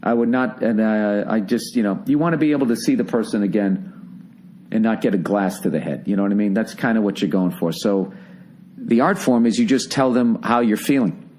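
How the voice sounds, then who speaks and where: A man's voice: on the low side, a little fast, a little mellow, a little hiss or hum. A man hosting a podcast, giving blunt advice in a rambling, profane, casual monologue.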